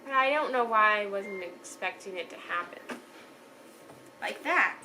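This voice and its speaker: A young woman talks through a book she loved in a loose, rambling vlog, gushing and trailing off mid-thought. Her voice sits at an everyday middle pitch, and a steady background hiss runs under the recording. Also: a little slow. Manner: chatty, gushing, trailing off and restarting. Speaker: book reviewer. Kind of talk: casual book review vlog.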